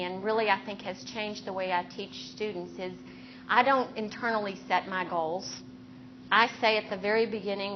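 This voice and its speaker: A woman speaking as a neurosurgeon and clinical teacher in a faculty lecture, earnest and steady, drawing on her own stories. Her voice sits at a middle pitch for a woman. The recording is a little dull, with faint noise in the background. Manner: earnest, anecdotal, steady explaining tone.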